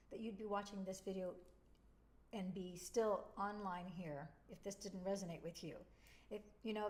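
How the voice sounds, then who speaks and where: Talking directly to her camera, this woman hosts a laid-back spiritual video in a medium-pitched voice. She's emotional, chatty and blunt, swinging from gentle encouragement to salty asides and punching her favorite points with animated emphasis.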